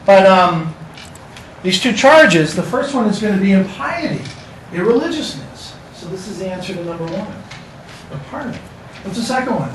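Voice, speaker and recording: A male teacher lectures his class in a casual, joking way, talking directly to the students. His voice sits high, sing-song and a bit bright at a moderate pace, recorded from a distance in an echoey classroom with slight background noise.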